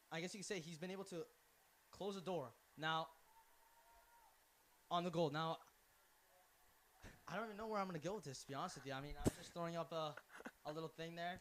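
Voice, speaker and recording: A teenage male student doing color commentary for a school lacrosse game, rambling off topic and bursting into shouts at big plays. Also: fairly high pitch, a little hiss or hum. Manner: rambling and excitable, prone to tangents and sudden shouts. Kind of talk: student sports broadcast commentary.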